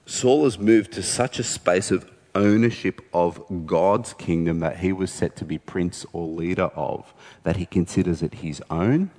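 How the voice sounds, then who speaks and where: A man's voice: sits low, a little slow, darkish tone, big-room sound. A man preaching a sermon in a conversational storytelling way, retelling scripture with casual asides.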